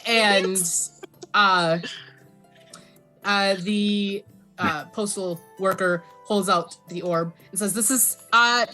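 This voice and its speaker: A woman narrating a tabletop game as dungeon master, halting with many fillers. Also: medium pitch, flat delivery, bright, forceful tone, soft background music.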